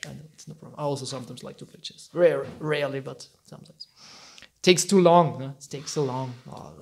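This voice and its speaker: A man tells an old epic story to a small group, loose and informal. He acts out the quotes and laughs often. His voice sits high. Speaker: teacher giving a talk.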